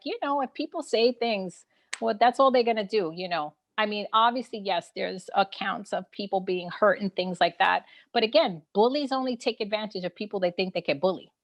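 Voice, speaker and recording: A woman with a Brooklyn, New York accent, the guest in a casual online conversation, talking frankly with plenty of fillers and laughs over a video call. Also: medium pitch. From New York City. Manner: frank, animated, laughs often, many fillers.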